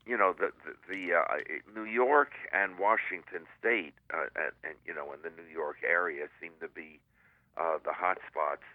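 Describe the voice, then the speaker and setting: An older man with a very low voice talks over a thin, tinny phone line. He rambles and stops himself often, padding the talk with fillers before landing on a corny joke. The line sounds dry and close. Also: no echo. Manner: rambling, halting, with many fillers and jokes. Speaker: guest columnist. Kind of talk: casual radio chat over the phone. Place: at home in San Diego.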